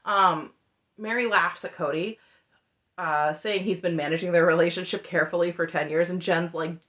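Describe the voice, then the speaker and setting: A woman's voice: fairly low pitch, steady tone, moderate pace, a bit bright, lo-fi sound. A woman giving an opinionated, sarcastic recap of a reality TV show, laughing often as she talks. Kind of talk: opinionated reaction commentary.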